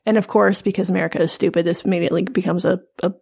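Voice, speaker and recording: A woman co-hosting a podcast in casual chat, with a deadpan, sarcastic delivery. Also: fairly low pitch, very fast, creaky, husky. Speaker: podcast co-host.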